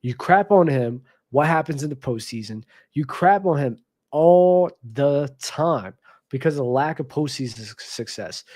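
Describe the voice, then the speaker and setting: A man's voice: a little high, darkish tone. Passionate man talking basketball. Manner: passionate, addresses viewers directly with slang. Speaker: sports commentary host. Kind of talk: casual basketball commentary vlog.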